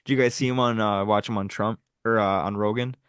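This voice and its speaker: A man co-hosting a podcast, telling a story in casual, profane chat with animated delivery. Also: on the low side, fast. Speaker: podcast co-host.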